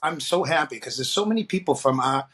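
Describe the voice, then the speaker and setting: A middle-aged man from the Boston area, a guest drag performer, telling animated stories and acting out the voices of the people in them. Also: a little high, quick pace, slightly rough. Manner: animated storyteller, acts out quoted voices. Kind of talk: storytelling interview.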